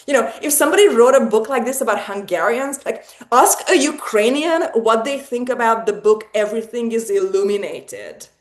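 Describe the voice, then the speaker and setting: A woman leading a casual literary discussion, animated and digressive, often laughing and restarting her sentences. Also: mid-range voice, reverberant. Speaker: salon host. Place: online video salon.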